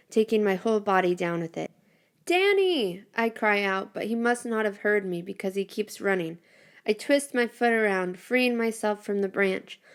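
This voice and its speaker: A woman reading a first-person story aloud with an expressive, dramatic delivery. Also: medium pitch.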